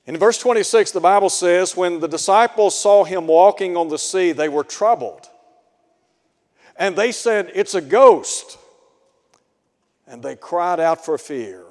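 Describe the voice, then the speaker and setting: A man's voice: sits high, a little slow, a little mellow. A man preaching a sermon in an earnest way, asking his listeners rhetorical questions. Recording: long hall reverb.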